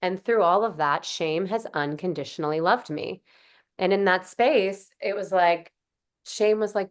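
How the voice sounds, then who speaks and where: With a lowish voice and a slightly slow pace, this podcast host conducts a relaxed conversational interview. Her manner is sincere and effusive, peppered with fillers like "like" and "um".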